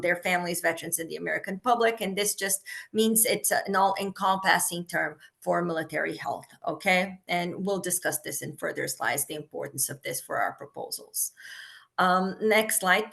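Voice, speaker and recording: A woman's voice: medium pitch, fairly bright tone. A woman, a research funding program manager, presenting a webinar and explaining things step by step with frequent "um" fillers. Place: remote webinar.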